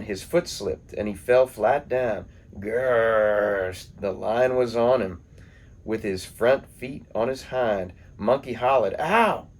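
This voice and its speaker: A man reading poems and folktales aloud in a calm, measured storytelling manner. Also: fairly low pitch, slightly rough. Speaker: poetry reader.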